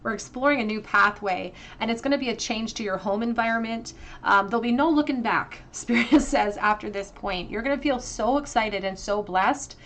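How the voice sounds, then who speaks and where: A woman giving a tarot card reading to her viewers, earnest and emotional, often pausing with fillers and restarts. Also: a little high, fairly bright tone, a little hiss or hum. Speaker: tarot reader.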